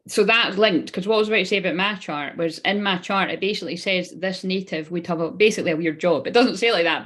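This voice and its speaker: Woman in her thirties, live card reading, rambling, casual swearing, chatting to viewers, slightly low voice. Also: a bit bright. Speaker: spiritual reader.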